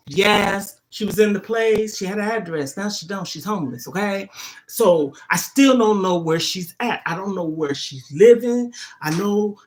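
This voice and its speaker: A middle-aged woman hosts a casual livestream, speaking at a normal speed in an expressive, medium-pitched voice. She talks emphatically and keeps checking in with "okay?"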